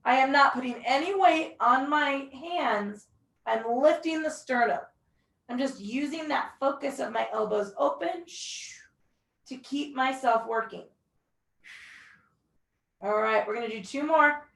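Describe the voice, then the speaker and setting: A young woman with a high, fairly bright voice and vocal fry runs a mat pilates class a bit slowly. She counts the breaths and encourages the group, sometimes whooping. The sound is echoey, with her voice coming from afar.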